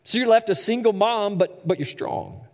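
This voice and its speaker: High-voiced man preaching in an echoey hall. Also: moderate pace, a little mellow. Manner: conversational, stammering repeats, storytelling. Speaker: pastor. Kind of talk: sermon.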